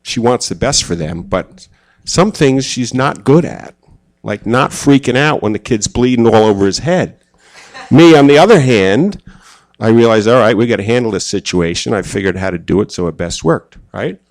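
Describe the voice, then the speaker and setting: A man speaking at a church gathering in a relaxed, conversational sermon style, telling personal stories with self-deprecating humor. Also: medium pitch, normal speed. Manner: casual, self-deprecating, acts out quoted voices.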